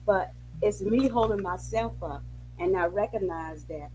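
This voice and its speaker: A soft-spoken woman giving a hesitant testimony on a call, pausing often with many ums. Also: mid-range voice, slight background noise, poor audio.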